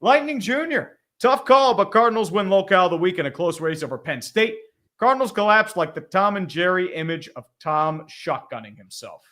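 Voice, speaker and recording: A man's voice: sits high, expressive, fairly quick, bright, forceful tone, slight background noise. A man co-hosting a casual sports podcast, wisecracking and reading viewer messages aloud. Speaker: co-host.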